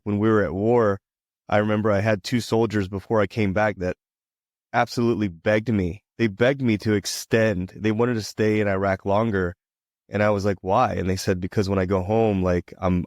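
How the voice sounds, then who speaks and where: A man's voice: on the low side, a little mellow, no room sound, studio quality. A man hosting an interview podcast, talking casually and rambling with lots of fillers. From Hawaii and Ohio. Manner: rambling, heavy on "you know" fillers. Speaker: podcast host.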